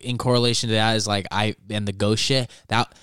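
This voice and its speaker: A man's voice: fairly low pitch, brisk, clear, resonant tone, dry recording, clean studio sound. Man swearing through a casual story. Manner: swears a lot, animated when telling a story. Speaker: podcast co-host.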